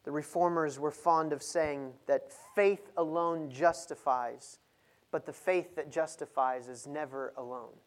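Man preaching, swelling to loud emphasis. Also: steady tone. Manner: builds from low and measured to loud and emphatic. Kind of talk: sermon.

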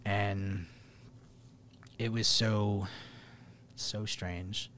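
A young man, co-hosting a podcast and telling dating stories in a casual, profane, animated way. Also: fairly low pitch, extremely slow, slight background noise. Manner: profane, animated, laughing storyteller. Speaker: podcast co-host. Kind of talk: casual storytelling.

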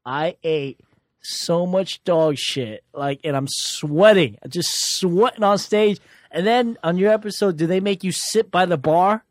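A man's voice: sits high, unhurried, no room sound. A young man, a comedian, telling stories in a casual chat in a dry, sarcastic way with a lot of swearing. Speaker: comedian guest.

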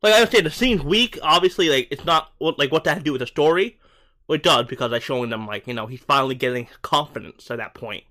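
A man co-hosting a podcast, talking over a film in a casual, rambling way, full of "like" and restarts, and often getting excited. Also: on the high side, fast talker. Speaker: podcast co-host. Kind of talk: casual movie-review chat.

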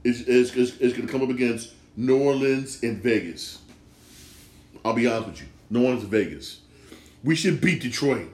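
A man's voice: mid-range voice, normal speed, a little mellow, roomy sound. A man hosting a casual solo sports talk show, emphatic and repetitive, circling back to the same points again and again. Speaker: sports podcast host.

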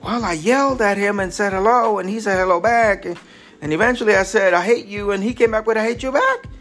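A man voicing an excited little boy who calls out loudly to an echo in a told story. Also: brisk, faint music behind. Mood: upset. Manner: high, shrill, calling out loudly.

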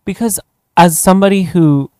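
A man hosting a podcast asks curious, gently probing questions in relaxed conversation. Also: high voice, moderate pace, clean tone, no room sound, studio quality. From outside the United States. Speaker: podcast host. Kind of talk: interview conversation.

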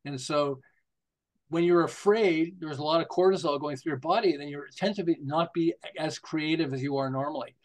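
A man's voice: fairly high pitch, a little fast. An older man, a marketing consultant, chatting as a podcast guest and telling stories with frequent laughter. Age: 60s or older. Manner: animated, laughs often while telling jokes and anecdotes. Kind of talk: casual conversational storytelling.

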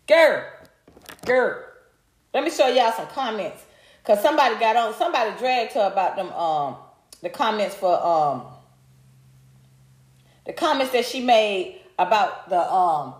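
A woman hosting a live stream speaks directly to her viewers in a heated, profane rant of casual commentary. Her voice is on the high side and expressive, at a measured pace with long pauses, in an echoey room.

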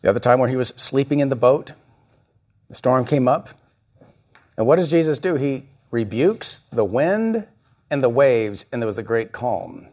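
A man's voice: medium pitch, animated, moderate pace, a little mellow. A male pastor preaching a sermon, reading scripture and acting out the voices he quotes. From United States.

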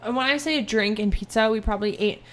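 A young woman co-hosting a podcast, telling a travel story in an animated, exaggerating way with plenty of swearing. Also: a little high, fast. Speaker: podcast co-host. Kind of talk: casual storytelling chat.

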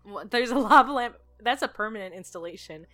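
A woman's voice: a little high, lively intonation, brisk, fairly bright tone. A woman in casual chat, telling a story animatedly and laughing often while acting out what people said.

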